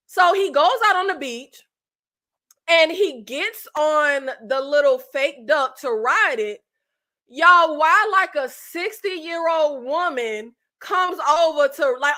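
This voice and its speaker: A woman hosting her own channel, recapping a reality show in a blunt, animated, exasperated way with casual swearing. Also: high-pitched, measured pace. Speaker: channel host reviewing reality TV.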